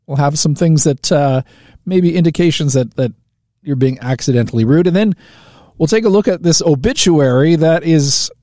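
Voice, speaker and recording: A man's voice: a little high, moderate pace, dark tone, no room sound, clean studio sound. A man hosting a live talk radio show, chatting casually and joking, with lots of fillers and restarts. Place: radio studio.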